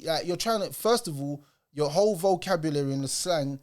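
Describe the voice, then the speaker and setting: A young man with a British accent, reacting with heated, emphatic conviction in a casual street style. His voice sits a little higher than most men's. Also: fairly quick, darkish tone. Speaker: reaction video host.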